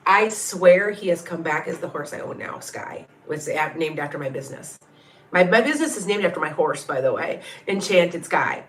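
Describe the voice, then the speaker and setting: A woman's voice: lowish voice, echoey room. A woman, a psychic medium, chatting casually with viewers on a livestream, rambling, heartfelt and frank, now and then salty. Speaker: psychic medium and tarot reader.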